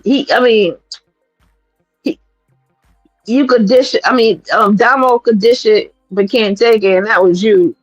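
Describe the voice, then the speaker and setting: A fairly high-voiced woman from New York City, streaming casual commentary in a blunt, animated and profane way. Her voice comes across slightly dull and very dry, with faint music underneath. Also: unhurried, long pauses, dry recording. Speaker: streamer host.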